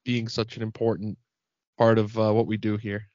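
A man's voice: lowish voice, completely flat delivery, normal speed, darkish tone, no echo, muffled recording. Upbeat male podcast co-host. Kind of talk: casual interview chat and outro.

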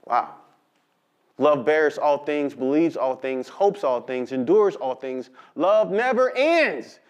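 A man preaching a sermon, reading scripture slowly and telling lively stories with call-and-response. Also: fairly high pitch. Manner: animated storytelling with call-and-response to the congregation; slow, drawn-out emphasis on scripture. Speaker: pastor.

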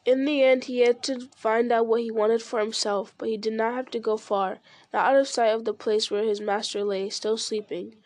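A woman reading a novel aloud in a steady, measured storytelling voice. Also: fairly high pitch, no room sound. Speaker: reader.

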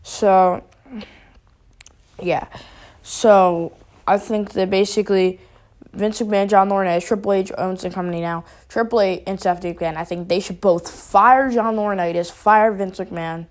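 A woman's voice: mid-range voice, fairly even intonation, normal speed. A woman giving a rambling, casual opinion rant as a wrestling vlogger, full of fillers and restarts.

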